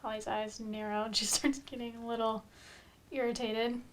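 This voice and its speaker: A woman's voice: on the high side, flat delivery, normal speed. A woman playing a tabletop game, speaking politely and formally in character. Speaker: player.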